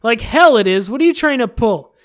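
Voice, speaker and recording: A woman's voice: lowish voice, lively intonation, quick pace, lightly acted. Bratty, snappy teen girl read by a woman for a game read-through. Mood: angry. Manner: snappy, defensive. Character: small bratty teenage girl, Natsuki.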